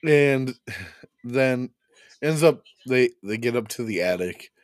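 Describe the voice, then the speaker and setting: A man's voice: medium pitch, expressive, takes it slowly, no room sound, clean studio sound. Laughing man reviewing a movie. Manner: laughs often, retells scenes in put-on quotes. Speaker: podcast host. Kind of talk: casual movie review chat.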